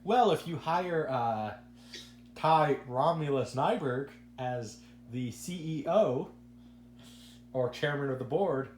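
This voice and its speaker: Speaking slowly with lively intonation, the man has a medium-pitched, somewhat mellow voice. He hosts a casual podcast, rambling through opinions and repeating words as sentences begin, while the room echoes and a faint hum sits underneath.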